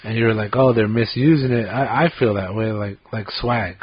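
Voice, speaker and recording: A middle-aged man with a husky voice rambles through a casual podcast chat and keeps poking fun at himself for being old. The audio is dull and lo-fi. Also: lowish voice, fairly even intonation, moderate pace. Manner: rambling, self-mocking about being old. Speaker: podcast co-host.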